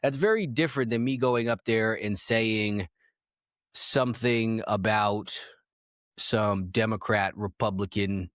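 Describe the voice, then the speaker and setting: Male podcast co-host, low voice with big upward swings, argumentative, dry close mic. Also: unhurried, no room sound. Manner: animated, argumentative, voice jumps high for emphasis. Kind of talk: casual opinion podcast.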